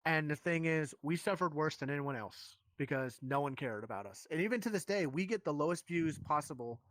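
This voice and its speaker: A man's voice: fairly high pitch, lively intonation, brisk, a bit bright, dry recording. A man who streams, telling a rambling, heated story in casual live-stream chat with many restarts.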